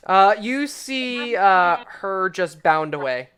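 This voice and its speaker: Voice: medium pitch, fairly bright tone, smooth. A game master narrating a tabletop game casually, laughing often between filler words.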